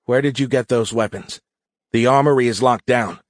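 A man's voice: mid-range voice, normal speed, dry recording, lightly acted. Man voicing a firm, tense female officer.

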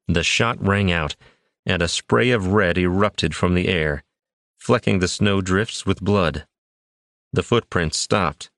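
Male audiobook narrator, deep, measured dramatic reads, dry booth sound. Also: a bit bright, no echo. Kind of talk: scripted fantasy narration.

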